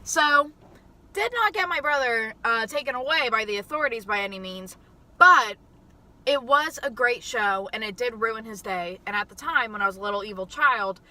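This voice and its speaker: A woman in her twenties telling a story in a chatty, profane, animated way in a casual vlog. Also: on the high side, moderate pace. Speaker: mukbang vlogger.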